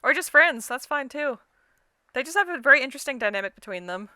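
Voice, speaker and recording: Brief: woman let's-play host, reads game text aloud casually, slightly high, bright voice. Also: lively intonation, fast talker, no room sound. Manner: casual, chatty, stumbles and laughs at the script. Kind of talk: reading a visual novel aloud with commentary.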